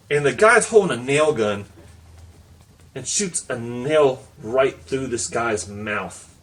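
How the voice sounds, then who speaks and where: A laid-back man talks through a comic review in a loose, chatty way, full of fillers and easy laughs. His voice sits at an ordinary middle pitch. He sounds a little distant from the microphone. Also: lively intonation, slow. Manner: easygoing, laughs along while retelling. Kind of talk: casual spoken review.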